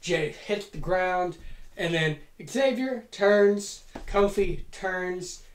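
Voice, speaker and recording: Speaking extremely slowly in a lowish voice, a woman delivers a casual fantasy-booking monologue for her podcast, spinning a playful and profane story. The recording has the echo of a home room.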